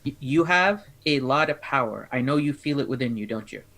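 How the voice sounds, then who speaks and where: A man's voice: mid-range voice, lively intonation, fairly quick, fairly bright tone. A man playing a tabletop role-playing game in a chatty, playful way, talking as his character. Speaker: player. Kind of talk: casual tabletop play.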